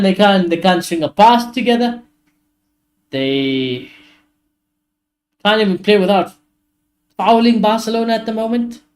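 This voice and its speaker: A man hosting a live football watchalong stream, reacting to the match with excitable, frustrated commentary, swearing often and talking to his chat. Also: high voice.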